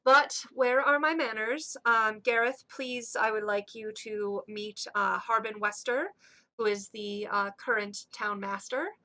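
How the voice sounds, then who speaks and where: Woman playing a polite tired knight, bright voice, halting and courteous, tabletop game. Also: a little high, fairly even intonation.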